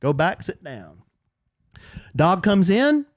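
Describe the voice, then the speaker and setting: Animated man telling a story on a podcast. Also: slow pace, no echo. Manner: animated, jumps high when quoting people. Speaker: podcast co-host. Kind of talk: casual storytelling chat.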